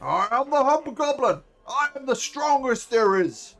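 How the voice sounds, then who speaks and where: A man's voice: extremely high pitch, big pitch swings, a little slow, a bit bright, voice pushed up, heavily acted. A man voicing a boastful male hobgoblin strongman who speaks in short, proud declarations.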